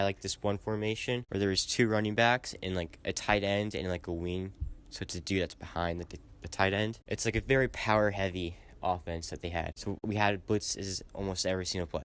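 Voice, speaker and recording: A young man with a fairly low voice telling a personal story in a loose, rambling way. He leans on "like" as a filler and turns loud and heated when he gets annoyed. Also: clear, resonant tone. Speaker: gaming channel host. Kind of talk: casual storytelling.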